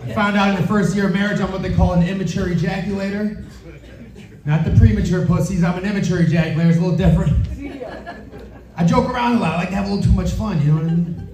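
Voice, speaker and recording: A man from Philadelphia doing a crude stand-up routine in a comedy club, often asking the audience if they follow him. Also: sits high. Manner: brash, crude, checks in with the audience. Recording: echoey club recording, distant mic, loud audience laughter. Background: audience laughing.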